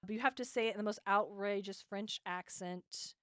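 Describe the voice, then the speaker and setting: A woman's voice: mid-range voice, steady tone, moderate pace, a bit bright, dry recording, clean studio sound. A young woman co-hosting a podcast, chatting casually with fillers and frequent laughs while reading listener comments. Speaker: podcast co-host.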